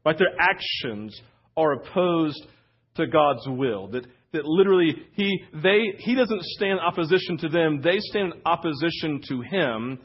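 Male pastor, easygoing sermon voice, slightly high, asks "right?" often; dull muffled recording. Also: expressive, unhurried, husky. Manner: conversational preaching, frequent "right?" asides. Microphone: wireless church mic.

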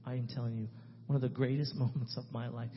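A man, a missionary speaking to a church, telling a story in an emphatic way that swings between loud and hushed. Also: mid-range voice, level tone, quick pace, a little hiss or hum. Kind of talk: animated testimony storytelling. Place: church sanctuary. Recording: reverberant hall, dull lo-fi sound.

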